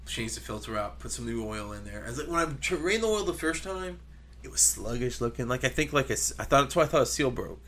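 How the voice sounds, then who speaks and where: A man in his own casual voice telling a rambling story to a friend, swearing freely and acting out the sounds of a machine. Middle pitch, with a faint hiss of noise under the recording. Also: quick pace. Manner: animated, swearing, imitates engine noises. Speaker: podcast co-host.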